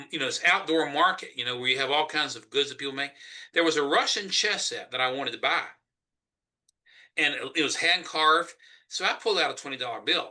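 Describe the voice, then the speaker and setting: A man with a Southern US accent, speaking emphatically as a Senate candidate in a political interview. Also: mid-range voice. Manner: emphatic, forceful argument.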